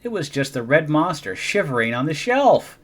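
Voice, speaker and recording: Guy reading a kids picture book out loud, super lively, swoopy voice. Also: on the high side, normal speed. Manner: animated, expressive. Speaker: storybook reader. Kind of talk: children's read-aloud.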